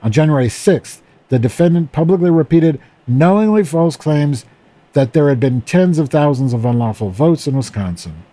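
A man with a mellow, dark voice reads a dry legal document aloud as a comedy bit, in the persona of a drag host. He stumbles and restarts words often. He breaks away for wry, self-mocking asides to his listeners. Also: mid-range voice, lively intonation, moderate pace. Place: in Chicago.

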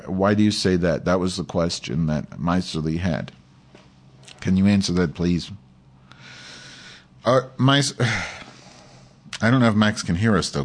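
Low-voiced crude ranting man. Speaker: podcast host. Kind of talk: live call-in podcast chat.

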